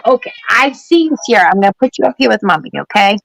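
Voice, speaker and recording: A woman's voice: a little high, very animated, quick pace, creaky, dry recording, rough recording. A woman doing psychic readings on a live stream in a chatty, laughing way, at home. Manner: chatty, laughing, talks to her pets. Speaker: psychic medium. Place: home during a power outage.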